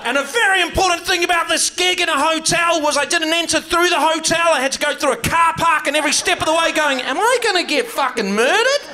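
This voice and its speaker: Brash sweary New Zealand comedian. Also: male voice, very high voice, steady tone, fast, few pauses, slight background noise. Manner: brash, sweary, loud crowd work. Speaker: stand-up comedian. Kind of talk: stand-up comedy set. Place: comedy club stage.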